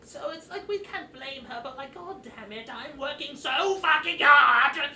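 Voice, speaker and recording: A man's voice: high voice, big pitch swings, moderate pace, pushed and bright, echoey room, far from the mic, a little hiss or hum, pitched above the performer's own voice, full character voice. A man voicing an overworked, grumpy male goblin ticket-taker who rants and swears. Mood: exasperated. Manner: exasperated, swearing.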